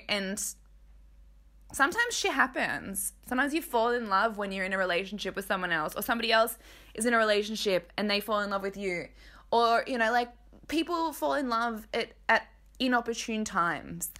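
A woman's voice: mid-range voice, sharp tone. A woman hosting a casual TV recap, talking in a candid, blunt, chatty way and swearing freely. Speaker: host.

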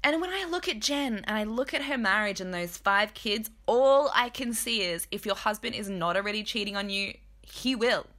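A woman's voice: mid-range voice, animated, moderate pace, few pauses, a bit bright. A woman hosting a casual TV recap, talking in a candid, blunt, chatty way and swearing freely. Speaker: host.

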